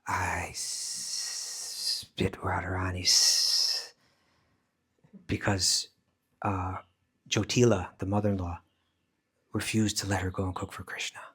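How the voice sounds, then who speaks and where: A man voicing a snake spirit in a slow, breathy whispered role-play during a spoken lesson. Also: deep voice, level tone, bright, forceful tone, voice pushed down, heavily acted. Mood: eerie.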